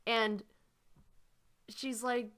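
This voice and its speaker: A woman's voice: a little high, level tone, very slow, a bit bright. A woman ranting in a frustrated, sighing way as she talks through her analysis, with lots of fillers. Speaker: fan analysis video maker. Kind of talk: ranting commentary.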